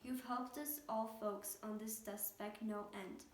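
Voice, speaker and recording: A woman's voice: on the high side, steady tone, unhurried, slight background noise, close to an everyday voice. A woman voicing a tiny, grateful male town mayor in a storybook, with an eager, piping delivery. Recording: echoey room, mic at a distance.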